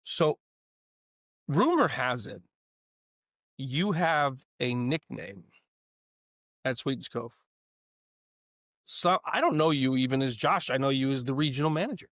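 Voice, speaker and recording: A man telling a story as a guest in casual chat, lively and playful, acting out the people in it. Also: mid-range voice, unhurried, long pauses, no echo, studio quality. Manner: animated, playful storyteller who acts out the other people in his stories.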